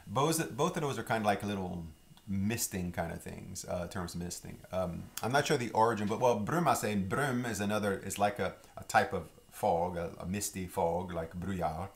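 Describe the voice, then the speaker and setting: This is a middle-aged man from Louisiana teaching French in an easygoing spoken lesson. His voice sits very low, and he works through vocabulary patiently. He repeats each term and invites learners to say it back. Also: moderate pace, vocal fry. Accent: Louisiana French speaker.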